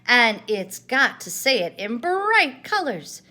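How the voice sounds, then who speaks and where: An older woman voicing a bouncy, excitable male tiger who whoops exuberantly. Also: fairly high pitch, slow pace, voice pushed up, full character voice. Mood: excited. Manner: exuberant and loud.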